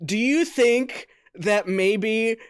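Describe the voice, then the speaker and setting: A man with a fairly high voice asks halting questions on a dry podcast mic. He stumbles and restarts as he thinks aloud. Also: clear, resonant tone, no echo. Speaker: podcast co-host. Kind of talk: casual movie-review chat.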